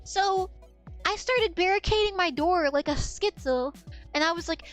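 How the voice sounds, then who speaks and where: Very high-voiced woman telling stories. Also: normal speed, faint music behind. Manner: animated, profane, laughing storyteller. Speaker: streamer. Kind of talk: casual storytelling on a livestream.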